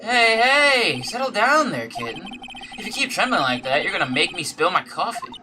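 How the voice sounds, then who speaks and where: A streamer voicing a cool, teasing male prosecutor in a low drawl, with music under the voice. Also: sing-song, moderate pace, close to an everyday voice. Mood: smug. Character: cool, smug male prosecutor who calls the rookie "kitten". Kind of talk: voicing a game character.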